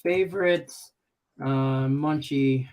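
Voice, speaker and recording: A man's voice: mid-range voice, takes it slowly, a little mellow. A man hosting a casual live stream chat, rambling and chatty, often laughing as he tells stories. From Detroit, Michigan. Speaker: host.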